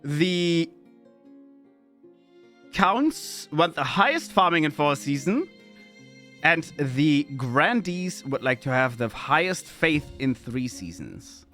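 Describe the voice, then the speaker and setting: A man's voice: a little high, sing-song, takes it slowly, sharp tone, soft background music. A man, streaming a game in chatty commentary, often laughing and reading game text aloud. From Austria. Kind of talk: gameplay commentary.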